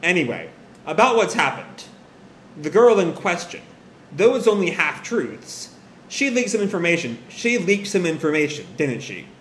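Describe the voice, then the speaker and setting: A man's voice: sits high, big pitch swings, normal speed. A man voicing a brash, teasing mother who cackles and jokes, reading a manga aloud. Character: brash laughing mother, a TV producer. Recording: echoey room, faint hiss.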